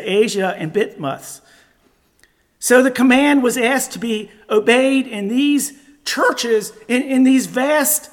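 A man preaching a sermon, reading Bible verses in a measured way and repeating key words for emphasis. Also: extremely high pitch. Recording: long hall reverb.

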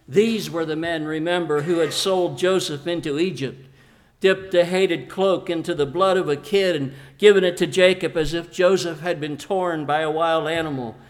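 High-voiced man preaching a sermon. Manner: earnest, addresses the congregation directly; storytelling retelling of a scripture passage.

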